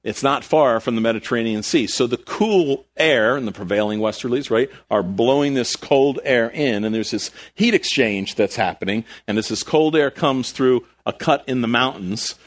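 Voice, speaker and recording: A middle-aged male pastor preaching in a relaxed, conversational way. His voice sits at an ordinary pitch, then jumps up for emphasis and sinks low and soft for reflective points. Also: moderate pace, hardly any pauses. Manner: conversational, animated with sudden rises and soft drops. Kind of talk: sermon.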